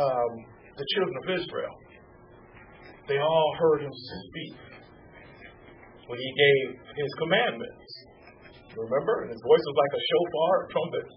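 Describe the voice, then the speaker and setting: Male preacher, high and lively delivery, recorded from a distance, dull lo-fi sound. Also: measured pace, long pauses. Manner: animated, swooping between high exclamations and low hushed tones. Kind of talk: sermon. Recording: distant mic, muffled sound, faint hum.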